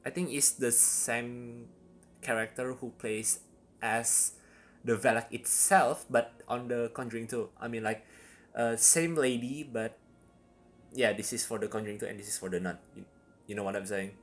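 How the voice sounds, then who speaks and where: A man talks through a horror film review in a loose, rambling vlog style, jumping between thoughts and breaking into sudden excited outbursts. His voice sits at an ordinary middle pitch. Soft music plays faintly behind him. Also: moderate pace.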